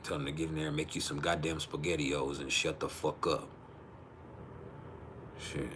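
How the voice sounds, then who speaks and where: A man's voice: rumbling low, little pitch movement, normal speed, fairly bright tone, a little hiss or hum. A man hosting a casual livestream from home, teasing his viewers with profane jokes and laughing often. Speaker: livestream host. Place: at home, refrigerator behind him.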